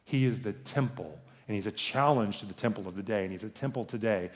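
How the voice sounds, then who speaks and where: A man's voice: fairly low pitch, a little fast. A man in his thirties, a pastor, preaching a sermon in a conversational, joking way.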